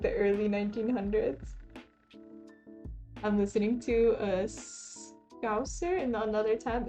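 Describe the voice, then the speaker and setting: A woman's voice: mid-range voice, mellow, dull audio. A young woman streaming and chatting casually, rambling and laughing often as she plays. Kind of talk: casual live-stream chat while playing.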